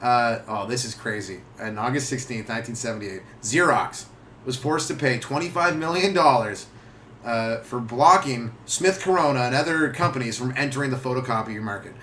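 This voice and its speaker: A man's voice: medium pitch, normal speed, a bit bright, slight background noise. A young man co-hosting a comedy history show, rambling casually, laughing often and slipping into silly voices. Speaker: comedy podcast co-host.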